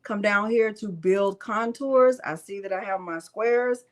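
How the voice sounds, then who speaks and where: A woman with a medium-pitched voice speaks a little slowly while hosting her craft channel's casual live tutorial. Chatty as she walks through each click and answers viewers in chat, she sometimes talks to herself under her breath.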